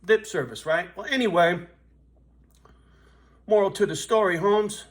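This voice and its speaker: A blunt man in his fifties tells a profane, streetwise story straight to the camera. His voice sits a little high for a man, and he keeps tagging lines with "right?". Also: a little slow. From US West Coast. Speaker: vlogger.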